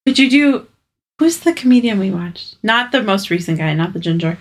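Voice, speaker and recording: A woman's voice: mid-range voice, expressive, normal speed. A woman co-hosting a podcast in playful, teasing casual chat. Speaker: podcast co-host.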